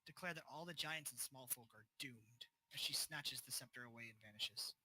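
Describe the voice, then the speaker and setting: A man's voice: medium pitch, a little fast, sharp tone, a little hiss or hum, poor audio. A man narrating as game master of a tabletop game, casual and loose.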